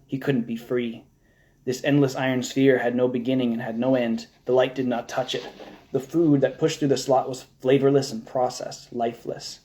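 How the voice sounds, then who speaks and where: Man, mellow voice, mid-pitched, steady measured narration, live audiobook reading. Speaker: novel reader.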